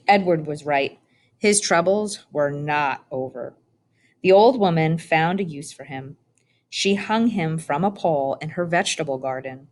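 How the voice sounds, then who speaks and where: Slow, low-voiced woman reading a storybook. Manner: calm, measured reading. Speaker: audiobook reader. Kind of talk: storybook narration.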